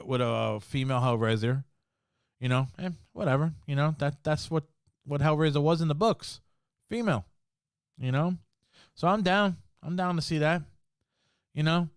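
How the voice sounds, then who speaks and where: A man's voice: a little high, clear, resonant tone, dry recording, studio quality. A man hosting a podcast, ranting on his own with a lot of swearing and repeated phrases. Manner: heated, swearing, repeats himself. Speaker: podcast host. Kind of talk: profane solo rant.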